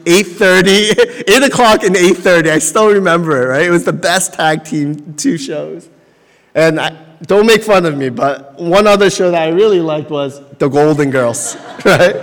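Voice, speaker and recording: A man in his forties delivers a sermon with a high voice. He talks loosely and conversationally and tells stories. The long reverb of a church hall trails after each phrase. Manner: conversational storytelling with laughs. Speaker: pastor.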